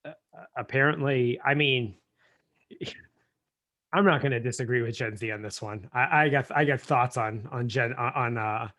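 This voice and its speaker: A man's voice: mid-range voice, normal speed, fairly bright tone. American guy co-hosting a casual podcast chat; playful, restarts sentences a lot; call mic. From United States. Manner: jokey, stumbling over his words. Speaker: podcast co-host.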